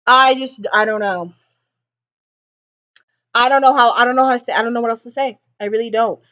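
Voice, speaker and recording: A woman's voice: fairly high pitch, fairly quick, fairly bright tone, lo-fi sound. A woman vlogger rambling emotionally about a film she just saw, repeating herself often. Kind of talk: casual movie reaction ramble.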